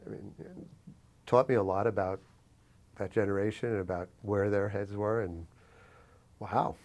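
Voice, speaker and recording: A man from New York City telling a personal story in an oral history interview, reflective and lively, with many fillers. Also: on the low side, normal speed, long pauses. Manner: reflective, animated anecdotal telling with frequent fillers.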